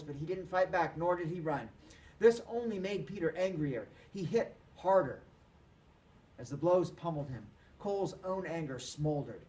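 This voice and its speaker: Expressive male teacher reading aloud. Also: a little high, recorded from a distance. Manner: expressive, dramatic. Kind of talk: read-aloud of a novel.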